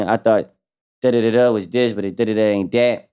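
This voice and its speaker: A man's voice: on the low side, steady tone, brisk, warm tone, smooth. A man guesting on a podcast, telling stories in a loose, slangy way with lots of fillers. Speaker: rapper guest. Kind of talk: casual podcast storytelling.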